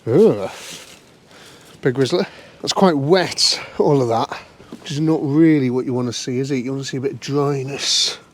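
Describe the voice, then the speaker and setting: At a moderate pace and a mid-range pitch, a male vlogger walks the camera around an old car in a cold scrapyard. He's chatty and wry throughout, often muttering to himself.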